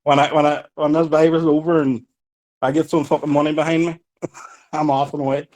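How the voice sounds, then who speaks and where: A man's voice: on the high side, little pitch movement, fairly quick, a little mellow. A man with a Donegal Irish accent, calling in to a boxing podcast, easygoing and chatty, always saying "you know". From Ireland. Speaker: caller. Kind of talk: casual podcast call.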